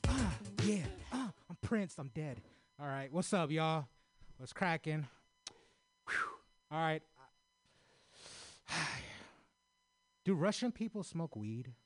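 A man's voice: fairly high pitch, lively intonation, slow, pauses often. An American man doing a loose, rambling stand-up set at an open mic, swearing a lot and brushing off his own jokes. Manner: loose and rambling, self-deprecating, heavy swearing. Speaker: stand-up comedian. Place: small comedy open mic.

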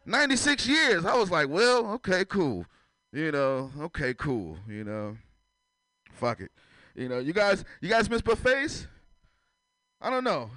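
A San Francisco man does a stand-up set at a comedy club, his high-pitched, very animated voice moving at a moderate pace with a sharp edge. He talks loosely, swears freely, chats away and teases the audience. The audio is poor but has no echo.

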